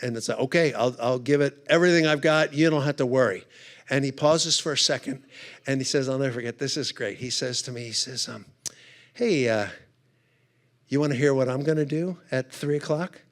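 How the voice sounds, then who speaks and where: A man speaking at a men's conference, telling a humorous story with lively acted-out voices. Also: medium pitch, a little fast.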